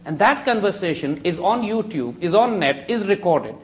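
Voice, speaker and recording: A middle-aged man, a guest on a TV talk show, arguing a case forcefully and firing off rhetorical questions. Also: sits high, sing-song, normal speed. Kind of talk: argumentative TV discussion.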